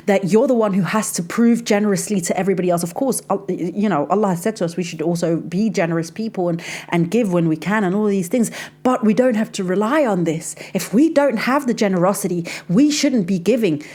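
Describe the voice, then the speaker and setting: A woman with a mid-range, slightly mellow voice hosts a casual faith podcast. She is a life coach who talks to the listener like a close friend, chatty and confiding, using "sis" and peppering her speech with "like."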